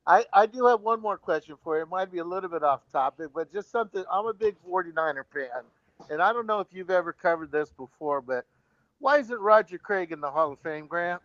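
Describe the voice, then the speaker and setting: A man's voice: high-pitched, lively intonation, brisk, fairly bright tone, highs cut off. A man calling in to a sports talk show, eagerly rattling off player statistics in casual chat. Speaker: caller.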